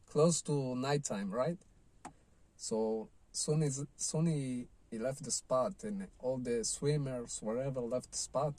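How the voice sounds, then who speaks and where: A man's voice: medium pitch, warm tone, no echo. A man telling a personal surfing story in a loose, rambling vlog style, full of "like" and "you know". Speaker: surfing vlogger.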